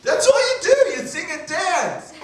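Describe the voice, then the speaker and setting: A woman's voice: very high-pitched, very animated, a little slow, pitched above the performer's own voice, full character voice. A man doing his shrieking scolding mother. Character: shrill screaming miserable middle-aged mother. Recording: echoey club from far off with crowd.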